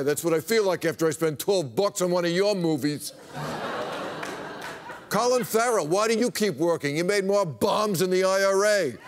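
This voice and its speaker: A male talk show host delivering a sarcastic, mocking stand-up monologue in a TV studio. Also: high-pitched. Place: TV studio with a live audience. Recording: live studio audience, noisy broadcast. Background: studio audience laughter and applause.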